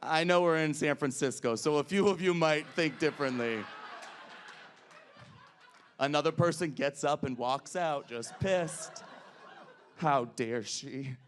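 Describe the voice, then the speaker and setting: Brash drag comedian doing crowd work. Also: male voice, fairly high pitch, a little slow, pauses often, slight background noise. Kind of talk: stand-up comedy. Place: comedy club stage.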